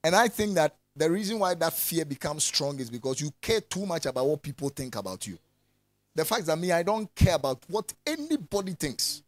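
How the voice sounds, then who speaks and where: A man preaching a lively sermon, swinging from loud calls to soft asides and laughing often. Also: on the high side, brisk, dry recording.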